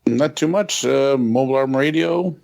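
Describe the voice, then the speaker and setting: A man's voice: medium pitch, normal speed, vocal fry, noisy background. A man co-hosting a podcast in casual chat, restarting sentences as he reminisces. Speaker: podcast co-host.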